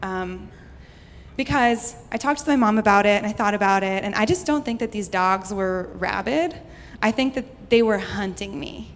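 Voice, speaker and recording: A woman's voice: mid-range voice, normal speed. Young American woman, live storyteller, chatty and laughing, stage mic in a reverberant hall. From United States (Houston). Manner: chatty, laughs often, heavy use of "like". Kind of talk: personal story told live to an audience. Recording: reverberant hall, faint noise.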